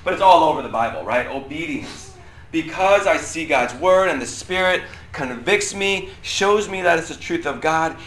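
A middle-aged man with a loud voice that carries, giving a casual youth sermon to a group of students and often checking in with "right?". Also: on the high side, expressive, normal speed, a little hiss or hum. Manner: conversational, often checks in with 'right?'. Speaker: youth pastor. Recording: roomy echo.

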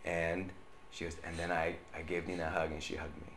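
This is a deep-voiced male pastor preaching in church, telling stories conversationally at a fairly quick clip with fairly even intonation, some vocal fry, and a slightly bright tone. He often turns to the crowd with a tag "right?" Reverb and a faint hiss or hum color the recording.

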